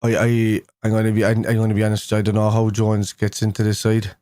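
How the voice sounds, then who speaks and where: A young man, his voice sitting a bit low, talks through a casual fan live stream in a loose, matey ramble full of fillers and restarts. The sound is dry and close, with no room around it. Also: monotone, fast talker, dark tone, no echo. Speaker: fan show host. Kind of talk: casual live-stream chat reading viewer comments.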